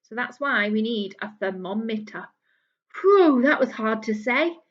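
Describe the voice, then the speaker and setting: A fairly high-voiced woman leads young children through a phonics lesson. She speaks very slowly and stretches each word out, using a gentle, encouraging sing-song tone. The recording is a bit dull and lo-fi. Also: expressive. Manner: slow, drawn-out enunciation of each word. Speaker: early years teacher.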